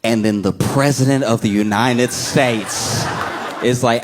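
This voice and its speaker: A man performing a stand-up comedy set, telling stories animatedly and slipping into quick voices. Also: medium pitch, fairly even intonation, a little hiss or hum.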